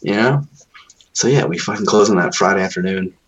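A man's voice: fairly low pitch, a little fast, highs cut off. A young man casually telling a long, profane, rambling story about moving into his new house. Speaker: new homeowner. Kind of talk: casual chat.

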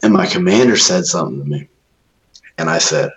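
A man's voice: deep voice, lively intonation, fairly quick. A man in casual chat, telling army stories with lots of swearing and laughter. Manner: profane, laughing, military-style banter.

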